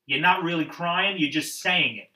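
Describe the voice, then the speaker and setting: A sarcastic man riffs on wrestling in casual chat. His voice is bright and a touch high, with a sharp edge. He sounds set back from the mic, in a roomy, echoing space. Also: moderate pace, distant mic, a little hiss or hum. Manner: sarcastic, mocks people with put-on quotes.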